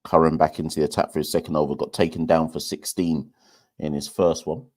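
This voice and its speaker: This podcast host, a young man, has a rumbling low, slightly mellow voice with flat, brisk delivery. He's running a live cricket watchalong, talking loosely and self-deprecatingly to his viewers.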